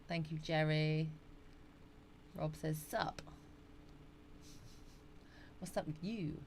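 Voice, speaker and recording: Chatty woman, middle-aged, lowish voice, livestream host reading out comments, faint background hiss. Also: steady tone, very slow, darkish tone. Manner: chatty, greets viewers by name, frequent yawns and laughs. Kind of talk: casual live chat reading out viewer comments.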